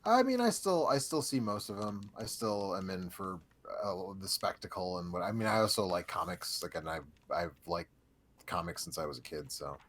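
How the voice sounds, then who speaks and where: A man co-hosting a casual movie podcast, chatty and quick to laugh, often trailing off mid-sentence. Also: low voice, sing-song, a bit bright. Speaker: podcast co-host. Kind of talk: casual group chat about movies.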